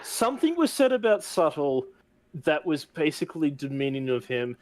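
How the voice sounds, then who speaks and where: A man's voice: a little high, very animated, normal speed, background noise. A man casually recapping the last session of a tabletop game, rambling with many fillers and laughs. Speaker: game master.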